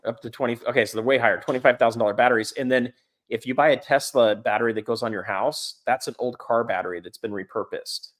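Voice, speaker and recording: A man's voice: medium pitch, fast. A middle-aged man hosting a casual livestream chat, rambling with fillers and restarts. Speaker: livestream host.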